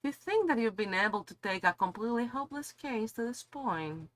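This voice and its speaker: A woman's voice: fairly high pitch, lively intonation, fairly quick, fairly bright tone, a little hiss or hum. A woman voicing a haughty young female prosecutor in a game, scornful and superior.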